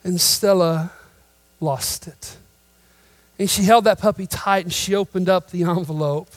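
A man preaching a sermon, telling a story that builds into loud, emphatic preaching. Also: high voice, steady tone, a little slow, no room sound, poor audio. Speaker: pastor.

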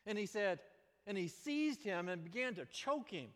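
A male pastor preaching a sermon, animated, moving between loud exclamations and quiet, earnest passages. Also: high-pitched, moderate pace. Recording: long reverb of a large hall.

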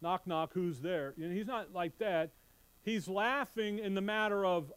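High-voiced man preaching a Bible sermon. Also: unhurried, smooth. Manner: animated, quizzing the congregation with questions; reads scripture aloud in King James wording.

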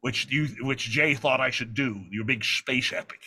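A man doing an impression of an older film star, speaking in slow, weighty, deliberate pronouncements. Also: medium pitch, pushed and bright, breathy edge, heavily acted. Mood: commanding. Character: older Scottish film star, deep and grand.

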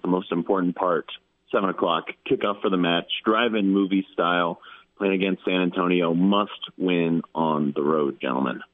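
A man's voice: deep voice, dry recording. A man calling in as a soccer club guest, upbeat and hyped while explaining the match ahead. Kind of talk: phone-in interview. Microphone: phone. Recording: narrow phone line.

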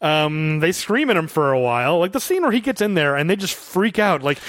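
A man co-hosting a casual movie review chat, animated and acting out characters' lines. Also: a little high, fairly quick, no echo. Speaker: podcast co-host.

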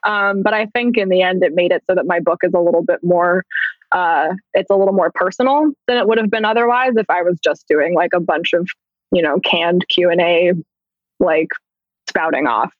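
A woman's voice: lowish voice, steady tone, moderate pace, dry recording. Chatty woman on a dull, dry line. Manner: chatty, heavy use of "like", self-conscious. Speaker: author and entertainment journalist. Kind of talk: casual podcast interview.

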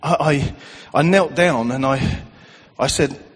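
A man preaching an emotional sermon in a church hall, speaking softly and lingering on repeated phrases. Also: on the high side, takes it slowly, breathy edge. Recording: long hall reverb.

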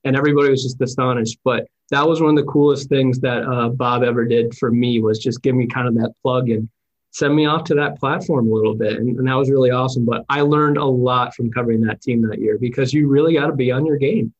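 A man hosting an interview, telling anecdotes in a chatty, animated way. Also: medium pitch, quick pace, lo-fi sound. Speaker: podcast host and former sports reporter. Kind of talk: casual interview chat with storytelling.

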